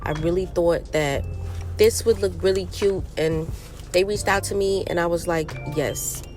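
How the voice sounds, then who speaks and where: A woman's voice: lowish voice, fairly even intonation, moderate pace, darkish tone, soft background music. A young woman with a stuffy nose, chatting upbeat and slangy to her viewers at home as a beauty vlogger. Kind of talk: casual vlog chat. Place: room at home.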